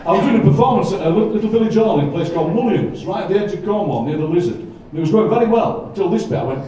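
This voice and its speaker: An older man performing for a live audience as a poet, with playful, deadpan, self-mocking stage patter. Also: high voice, racing, few pauses, muffled recording. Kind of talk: comic stage patter leading a singalong. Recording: echoey hall from far off with audience.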